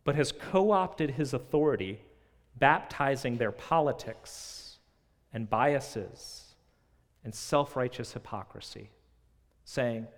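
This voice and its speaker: A man's voice: mid-range voice, slow pace. Earnest male preacher, mid-range voice, dynamic delivery, recorded in an echoing hall. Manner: earnest, rhetorical questions, dynamic swings in loudness. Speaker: pastor. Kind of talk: sermon. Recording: long reverb of a large hall.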